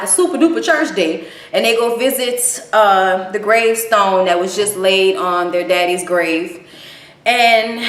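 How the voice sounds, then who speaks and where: A woman giving a casual, blunt spoken recap of a TV episode, swearing freely and giving strong opinions. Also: medium pitch. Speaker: TV show reviewer. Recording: echoey room.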